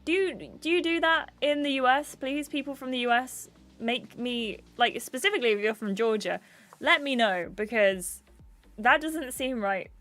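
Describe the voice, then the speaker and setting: A woman's voice: high-pitched, moderate pace, fairly bright tone, soft background music. A woman streaming a game, chatting and giggling as she reads the game text aloud. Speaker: gaming streamer. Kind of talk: livestream game playthrough, reading aloud.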